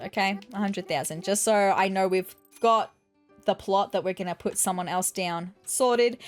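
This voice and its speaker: Chatty woman narrating her gameplay. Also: medium pitch. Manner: chatty, reads game dialogue aloud. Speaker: gaming video host. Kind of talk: casual let's-play commentary.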